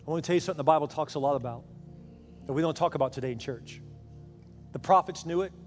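A man's voice: on the high side, fast talker, pauses often, soft background music. Fervent man preaching, echoing hall. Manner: animated, acts out voices in the story, builds to urgent appeals. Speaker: pastor. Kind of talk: sermon storytelling.

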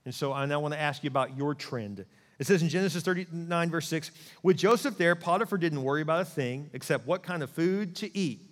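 A male pastor preaching a sermon in a lively way, often putting questions to his listeners. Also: fairly high pitch, big-room sound. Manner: animated preaching, asks the crowd questions.

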